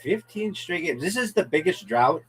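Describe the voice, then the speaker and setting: A man's voice: a little high, big pitch swings, moderate pace, a bit bright, husky, poor audio. A man hosting a casual game stream with friends, brash and profane, boasting to viewers like a mock announcer. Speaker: host. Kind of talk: casual chat while playing a game with friends.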